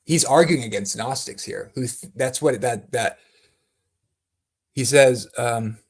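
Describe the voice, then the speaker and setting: A man teaching about the Bible in a fervent, excited way, often repeating words as he goes. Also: medium pitch, slow pace, slightly rough. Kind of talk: passionate teaching talk.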